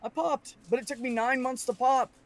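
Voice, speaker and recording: A man's voice: extremely high pitch, a little fast. Frustrated man venting with lots of profanity. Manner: venting, profane, animated storytelling; mimics other people's voices in quotes. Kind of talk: casual podcast chat.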